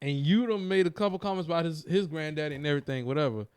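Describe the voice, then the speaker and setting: A man with a fairly high voice co-hosts a casual chat show. He talks in animated, emphatic bursts and piles up repetitions to drive his point home. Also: rapid-fire, clear, resonant tone. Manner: animated, emphatic ranting with repeated slang. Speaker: co-host.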